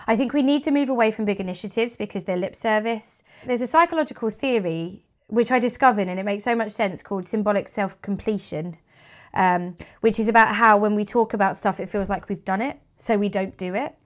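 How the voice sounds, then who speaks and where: A woman's voice: mid-range voice, a little fast. Woman guest talking marketing, blunt and opinionated, lots of ums. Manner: frank, opinionated, with frequent fillers and restarts. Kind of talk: casual interview talk.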